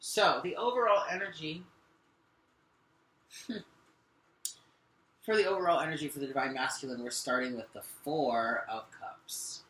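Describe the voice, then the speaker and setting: Bright-voiced man giving a tarot reading. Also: on the high side, measured pace, pauses often. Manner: earnest, addresses the listener directly as "you"; shuffles and lays out cards while talking. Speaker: tarot reader. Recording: echoey room.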